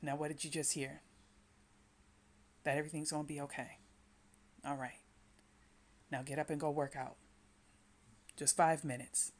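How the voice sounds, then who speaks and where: A woman speaking as a Christian inspirational speaker, giving a slow, repetitive devotional talk that urges the listener to breathe and pray. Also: sits low, level tone.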